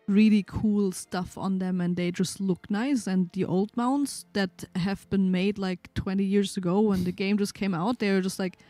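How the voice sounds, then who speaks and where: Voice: medium pitch, warm tone, no room sound. A stream guest chatting casually, speaking earnestly with frequent hesitations. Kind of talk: casual chat.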